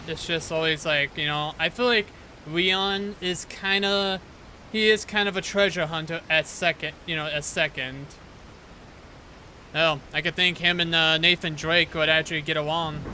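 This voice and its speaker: Bright-voiced chatty male streamer. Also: on the high side, slight background noise. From Detroit, Michigan. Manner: rambling, chatty, talks to chat viewers. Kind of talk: casual gameplay commentary.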